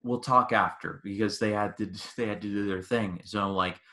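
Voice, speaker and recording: A man's voice: lowish voice, brisk. A man co-hosting a podcast, eagerly reviewing a film in casual chat and acting out its lines. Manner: excited, acts out quotes with many restarts. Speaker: podcast co-host.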